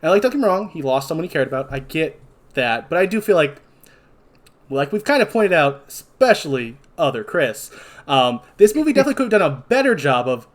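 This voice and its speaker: A man's voice: a little high, very animated, fairly quick. A young man co-hosting a casual podcast, recapping a horror film plot in a rambling way with many fillers. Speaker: podcast co-host. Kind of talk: casual movie review chat.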